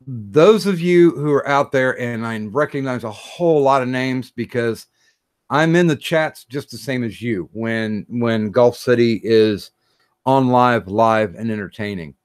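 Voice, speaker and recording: A man hosting a podcast, talking casually and haltingly with frequent pauses. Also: medium pitch, dry recording, studio quality. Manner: halting, many fillers and restarts. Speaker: podcast host.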